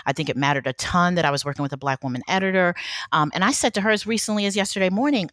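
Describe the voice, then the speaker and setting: A woman's voice: on the low side, expressive, fairly quick, fairly bright tone, dry recording, studio quality. A woman author and professor talking candidly as a guest in an interview, thinking aloud as she goes. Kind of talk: casual interview conversation.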